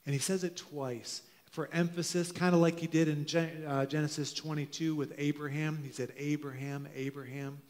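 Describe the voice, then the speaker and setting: Earnest pastor preaching in a reverberant church. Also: male voice, on the high side, flat delivery, a little mellow. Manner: earnest, stretches key phrases slowly for emphasis. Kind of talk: sermon. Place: church sanctuary. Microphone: handheld microphone. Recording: long hall reverb of a church.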